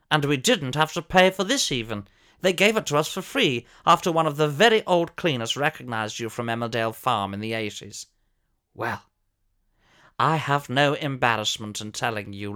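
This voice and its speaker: A man's voice: medium pitch, pushed and bright. A man voicing a pompous elderly former soap actor, telling a fussy, theatrical comic story. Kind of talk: comic character monologue.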